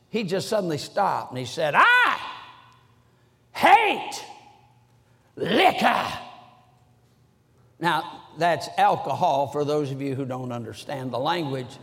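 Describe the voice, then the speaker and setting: A man preaches with a high-pitched voice, swinging from quiet storytelling to sudden shouts and slow, drawn-out lines. His sermon echoes through a large church sanctuary. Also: vocal fry. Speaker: guest preacher.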